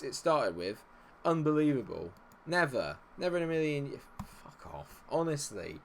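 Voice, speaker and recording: A man's voice: mid-range voice, expressive, moderate pace, slight background noise. A man commentating on his own football management game, chatting with viewers and swearing at his players. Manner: swings from chatty to sweary frustration, yelling at players. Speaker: gaming streamer. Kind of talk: live gameplay commentary.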